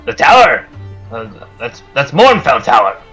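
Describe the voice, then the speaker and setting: A man's voice: medium pitch, big pitch swings, measured pace, pushed and bright, faint music behind, rough recording. A man voicing a swaggering, one-handed old pirate captain in a tabletop game, boastful and bluffing. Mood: breezy. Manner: boastful, bluffing, folksy sailor talk.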